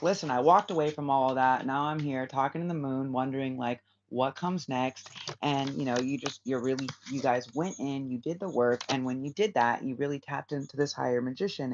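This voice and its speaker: A tarot reader hosting a casual spiritual reading for viewers, rambling and repeating phrases with many fillers. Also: mid-range voice. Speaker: tarot reader, channel host. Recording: slightly dull lo-fi sound with faint hiss.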